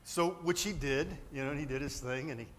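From a church pulpit, a man with a medium-pitched, slightly bright voice preaches at a brisk pace. His sermon includes an anecdote told with plenty of fillers and restarts.

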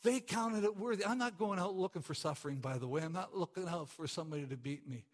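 A pastor delivers a passionate sermon in a high-pitched voice at a fast clip. He repeats phrases for emphasis, swinging between loud exclamations and quiet intensity.

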